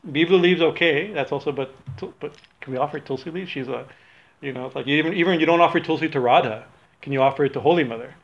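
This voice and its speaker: A religious teacher, male, speaks quickly in a creaky, somewhat high voice. His talk is informal and rambling, full of self-corrections and frequent laughter. The lo-fi recording sounds dull.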